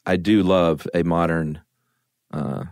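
A man with a notably deep, low voice chats casually as a podcast co-host. He sounds relaxed and talks loosely, often trailing into laughter. He speaks into a studio microphone. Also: slow, no echo. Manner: relaxed, laughs easily, chatty with fillers. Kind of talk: casual chat.

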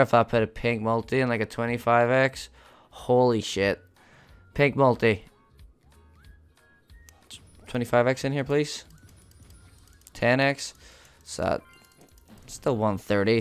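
A man doing live commentary on his slot play as a streamer, excitable and swearing often, talking to his viewers as "boys". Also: medium pitch, takes it slowly, long pauses, clear, resonant tone, soft background music. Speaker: gambling streamer.

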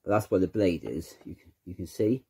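A man's voice: low voice, expressive, a little fast, dark tone, slightly rough. A man hosting his channel, giving an unscripted how-to demonstration, hesitant and repeating words as he handles the object. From United Kingdom. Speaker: channel host demonstrating a product.

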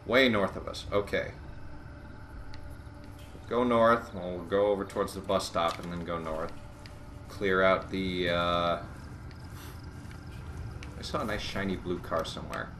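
A man hosting a let's play, chatting casually and sarcastically over the game, with sudden loud shouts when the action heats up. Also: low-pitched, a little slow, long pauses. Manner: rambling, sarcastic, bursts into loud excited shouts during fights. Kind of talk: casual gameplay commentary. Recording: game audio and noise behind the voice.

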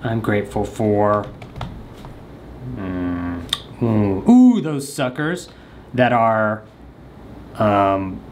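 A man's voice: on the low side, expressive, drawn-out words, long pauses, a little mellow, a little hiss or hum. A man vlogging casually at home, rambling with lots of hesitant ums and jokey asides. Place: at his house.

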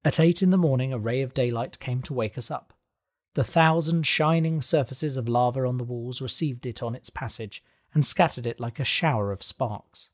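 A man narrating a classic adventure novel in a calm, steady storytelling manner. His voice is middle in pitch with a husky, slightly breathy texture. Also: moderate pace. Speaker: audiobook reader. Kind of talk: scripted narration.

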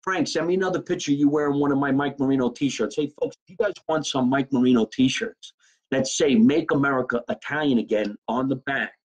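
Husky brash man chatting live. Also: medium pitch, fairly quick, poor audio. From New Jersey. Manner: brash, profane, joking. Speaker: comedian hosting a live stream. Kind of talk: casual live-stream chat. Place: home kitchen.

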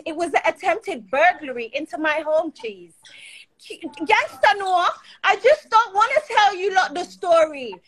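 High-voiced swearing woman. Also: a bit bright. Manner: cursing, confrontational, boastful. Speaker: live-stream host. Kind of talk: heated live-stream argument. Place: at home in the UK.

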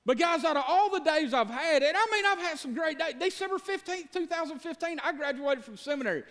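A pastor in his thirties delivers a sermon with a notably high-pitched voice for a man. He talks folksily and with humor, doubling words as he goes. His delivery is that of a plain-spoken preacher chatting with his flock. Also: expressive, a little fast, fairly bright tone. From Georgia, USA. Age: 30s. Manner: folksy, joking, stammers and repeats words.

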